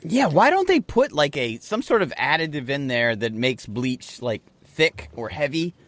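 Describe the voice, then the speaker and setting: A man co-hosting a podcast, rambling through animated, profane stories in casual banter. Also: a little high, moderate pace, no echo. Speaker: podcast co-host.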